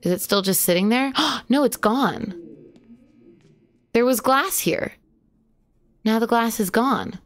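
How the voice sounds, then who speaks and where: A woman's voice: fairly high pitch, slow pace, pauses often. A woman streaming a horror game live, chatting to viewers, yelping at jump scares and swearing casually. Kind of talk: live horror gameplay commentary.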